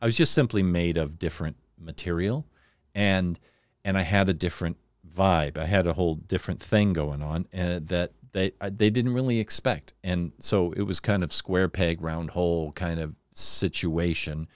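A man's voice: low voice, normal speed, smooth, dry recording, studio quality. A man in his fifties from Southern California with a Californian accent and a slight Southern twang, telling stories in casual conversation and rambling with restarts. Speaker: podcast guest.

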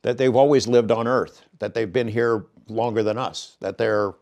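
A man in a played interview clip, calmly laying out speculative ideas. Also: on the low side, moderate pace, vocal fry.

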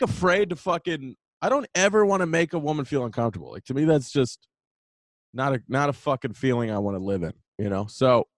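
A man's voice: medium pitch, dry recording. A man hosting a podcast, telling a story in a heated, profane casual rant. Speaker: podcast host. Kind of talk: casual ranting monologue. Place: New York.

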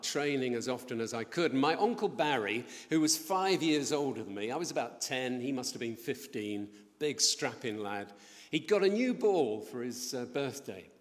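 Preacher in a reverberant church. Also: male voice, mid-range voice. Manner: storytelling, animated, acts out quoted voices. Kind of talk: sermon. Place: church building.

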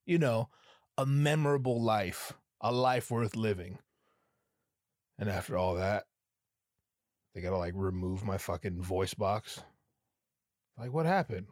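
A man hosting a podcast, with a hoarse, strained throat, telling rambling, sarcastic stories full of swearing. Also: lowish voice, animated, measured pace, long pauses, darkish tone, dry recording, clean studio sound. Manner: profane, rambling, sarcastic storytelling. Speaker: podcast host. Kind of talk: casual comedic monologue.

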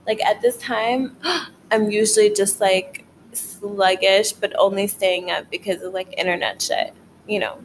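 A woman's voice: medium pitch, steady tone, measured pace, slight background noise, poor audio. A young woman chatting casually in a late-night vlog, rambling and swearing, filling her talk with "like", tired but wired. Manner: rambling, profane, frequent "like" fillers. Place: her bedroom at home.

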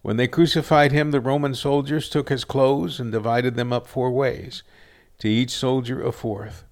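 A man reading a scripture passage aloud in a steady, earnest storytelling manner. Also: mid-range voice, normal speed. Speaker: scripture reader.

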